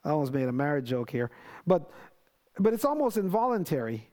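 A man preaching a sermon in an earnest, conversational way, with many restarts and lively quoted prayers. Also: fairly high pitch, fairly quick.

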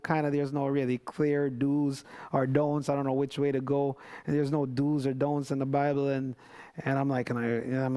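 A man preaching a sermon in an earnest, conversational way, with many restarts and lively quoted prayers. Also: fairly high pitch, clear, resonant tone.

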